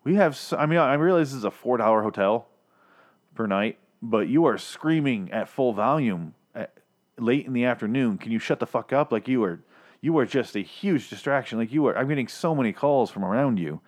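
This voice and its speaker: A man's voice: medium pitch, expressive, fairly quick, voice pushed up, natural voice. A man voicing a fed-up hotel manager scolding a noisy guest over the phone. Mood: exasperated. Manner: exasperated, scolding, profane.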